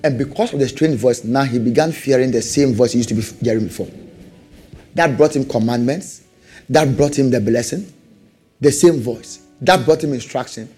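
A man's voice: mid-range voice, moderate pace, warm tone, slightly rough, faint music behind. A man preaching a sermon, calling for amens and hammering out repeated questions. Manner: call-and-response, rising to emphatic repeated questions.

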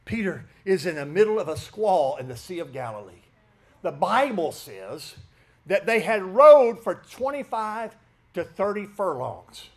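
Male preacher, high voice, fervent delivery, names people in the pews. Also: very animated, a little slow. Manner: fervent, swings from shouting to hushed asides, calls out listeners by name. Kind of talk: sermon.

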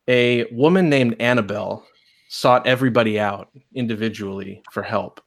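A man's voice: lowish voice, normal speed, vocal fry. Casual male game master narrating. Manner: casual, storytelling, frequent self-corrections. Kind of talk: narrating a tabletop western game.

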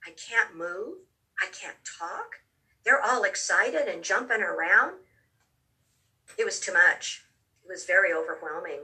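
A woman telling a personal story in a halting way, often repeating words, with real emotion, her voice a little distant from the mic. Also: mid-range voice, expressive, bright, forceful tone. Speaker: storyteller recounting a near-death experience.

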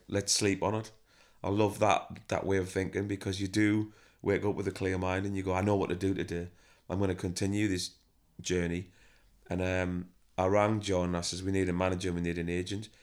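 A deep-voiced man chats casually about running his band. He tells stories freely and acts out quotes as he goes. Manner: chatty, animated storytelling with acted-out quotes. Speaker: band member and manager, guest. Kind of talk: casual interview chat.

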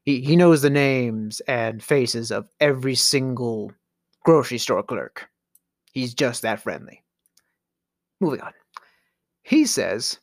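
A man's voice: mid-range voice, slow pace, pauses often, no room sound. A man telling a comic story with dry, self-mocking asides.

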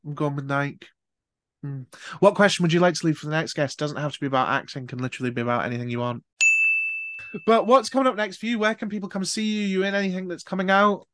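A man's voice: a little high, fast talker, a bit bright, no echo, studio quality. A man from Scotland hosting a podcast, chatting casually, laid-back and sweary. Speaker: podcast host. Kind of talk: casual interview chat.

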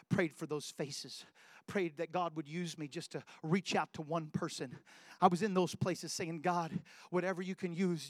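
A man preaching a personal testimony, telling his story and building to loud, emphatic preaching. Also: fairly high pitch, no echo, clean studio sound. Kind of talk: sermon testimony.

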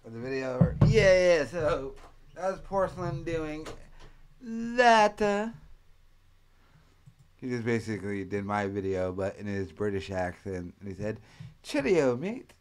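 A man's voice: medium pitch, animated, a little slow, smooth. A man hosting a casual commentary show, rambling and profane, laughing as he talks. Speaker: host.

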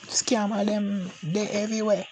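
A man's voice: sits high, flat delivery, normal speed, background noise. A man talking casually to the camera, rambling and boastful with a lot of slang. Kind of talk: casual monologue.

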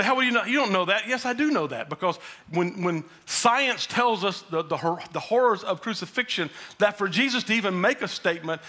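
A man preaching a sermon, building up and then dropping low for emphasis. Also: bright, forceful tone. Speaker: pastor.

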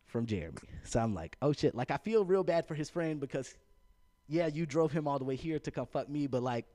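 A man's voice: medium pitch, a little mellow. A man, telling a candid story with a laugh on a casual podcast. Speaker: podcast co-host.

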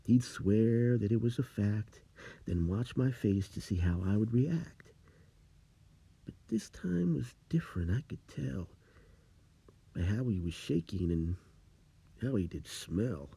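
A man telling a creepy rhyming tale, slow and dramatic. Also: fairly low pitch, expressive, gravelly, warm tone, slightly rough, no room sound. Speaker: storyteller. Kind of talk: spooky storytelling.

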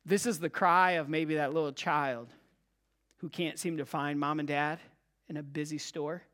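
Pastor, sermon in church, bright forceful tone, repeats phrases, loud then hushed. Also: steady tone, normal speed. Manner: emphatic, repeating phrases, swinging between loud cries and hushed low tones. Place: church service with a live congregation.

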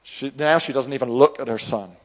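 A man preaching a sermon, animated, acting out the voices of the people he quotes. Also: medium pitch, brisk, long reverb tail. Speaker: pastor.

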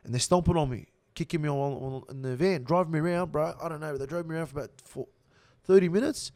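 A young Australian man telling a rough prison story in casual slang, swearing constantly. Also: on the high side, fast talker. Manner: swears heavily, animated slang-filled storytelling.

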